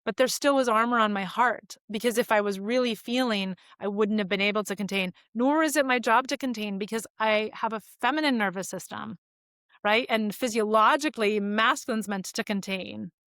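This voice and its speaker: A woman's voice: medium pitch, moderate pace, fairly bright tone, dry recording. Reflective woman in her forties, dry sound. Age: 40s. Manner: open, reflective storytelling. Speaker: podcast guest. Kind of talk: casual conversation.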